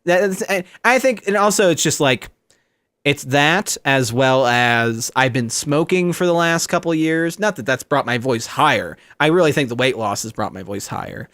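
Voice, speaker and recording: A man's voice: on the high side, normal speed, dry recording, studio quality. A young man streaming live, chatting casually and joking, laughing often. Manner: lively, jokey, laughs often. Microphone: good microphone.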